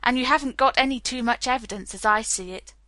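A woman's voice: on the high side, fast, pushed and bright, dry recording. A woman reading the part of a self-assured young man, wry and lightly teasing.

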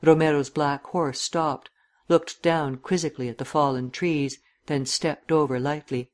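A man narrating a literary audiobook in a measured, descriptive reading. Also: fairly high pitch, steady tone.

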